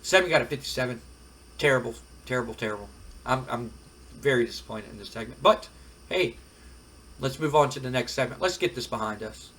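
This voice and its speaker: A man narrating and reacting to a wrestling management game in an animated, storytelling way. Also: mid-range voice, brisk, slight background noise. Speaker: gaming channel host. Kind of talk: video game commentary.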